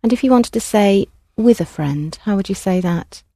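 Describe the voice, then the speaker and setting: Patient woman language teacher, mellow voice. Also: mid-range voice, expressive, moderate pace, dry recording, studio quality. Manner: clear, patient prompting of students. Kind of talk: classroom instruction.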